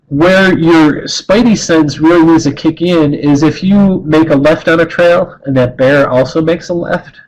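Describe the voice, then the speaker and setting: A middle-aged man with a slightly raised pitch teaches in an earnest, conversational way. He often trips over his words and restarts a phrase before pressing on. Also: a little mellow, low-quality recording. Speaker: wildlife educator. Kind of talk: informal talk on bear behavior.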